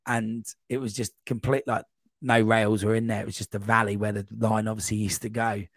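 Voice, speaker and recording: A man guest on a podcast, telling a long, rambling running anecdote in a casual, animated way. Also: fairly low pitch, fairly quick, no room sound. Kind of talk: casual storytelling.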